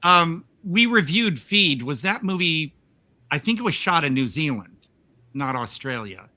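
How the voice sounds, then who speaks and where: Guy, very bright voice, rambly chat, keeps restarting and laughing. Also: fairly high pitch, sing-song, a little slow. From United States. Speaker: podcast host. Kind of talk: casual chat.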